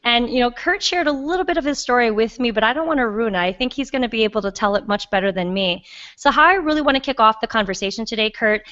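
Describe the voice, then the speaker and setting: A woman's voice: a little high, expressive, fast talker, fairly bright tone, highs cut off. A woman hosting a podcast interview, enthusiastic and encouraging, talking casually with some light swearing. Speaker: podcast host.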